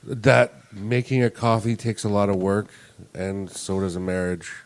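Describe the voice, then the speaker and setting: A podcast co-host with a fairly low, unhurried voice tells a long story in casual chat. He's animated and laughs as the story goes on.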